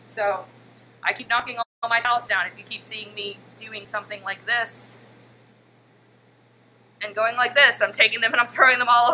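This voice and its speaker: A woman's voice: on the high side, bright, forceful tone, a little hiss or hum, rough recording. A woman in her thirties in a home kitchen, chatting casually with her live chat while she walks through a recipe. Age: 30s. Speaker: cooking streamer. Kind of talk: casual live-stream cooking demo.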